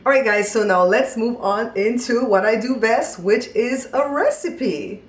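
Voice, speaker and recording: A woman's voice: fairly high pitch, animated, unhurried. A woman hosting a home cooking show in casual chat, chatty and repetitive, talking to viewers as guys. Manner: chatty, repeats words, addresses viewers as guys.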